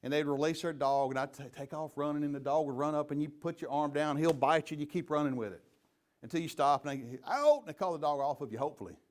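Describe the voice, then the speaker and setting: Folksy police chief telling stories. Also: male voice, a little high, quick pace. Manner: lively storyteller, folksy and joking. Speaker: police chief and leadership trainer. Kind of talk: leadership training talk with stories.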